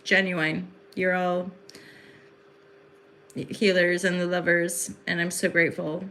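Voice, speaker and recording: A woman's voice: lowish voice, little pitch movement, slow pace, fairly bright tone. A woman hosting a casual livestream into her phone at home in the evening, rambling and effusive, with lots of fillers. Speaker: livestream host and spiritual reader.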